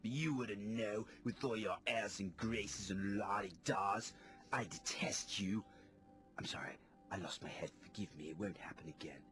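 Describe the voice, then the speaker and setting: A man's voice: on the low side, fairly even intonation, slow, a bit bright. A man doing a cheeky mock-Cockney rascal. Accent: exaggerated mock Cockney. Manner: sing-song nonsense rhymes, giggly, cheeky. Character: cheeky fake-British man-about-town, rascally. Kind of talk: comedy radio sketch.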